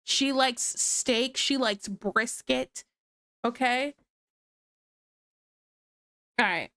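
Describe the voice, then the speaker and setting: Chatty woman streamer, higher voice. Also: drawn-out words, bright, forceful tone, dry recording, studio quality. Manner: chatty and scattered, with frequent laughs. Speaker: livestreamer talking to chat. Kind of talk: casual livestream chat.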